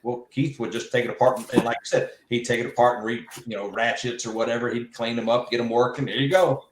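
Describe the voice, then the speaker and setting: A man telling a casual shop story, animated and mimicking the people he quotes. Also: mid-range voice, fast, echoey room, a little hiss or hum, low-quality recording.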